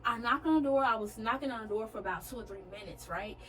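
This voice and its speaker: A woman's voice: fairly high pitch, fast talker, low-quality recording. A young woman vlogger telling a storytime, chatty and checking in with her viewers. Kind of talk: storytime vlog.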